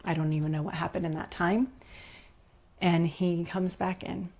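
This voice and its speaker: A woman, a leadership coach, telling a personal spiritual story as a podcast guest, in an animated, earnest way with many "like" and "you know" fillers. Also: on the low side, moderate pace.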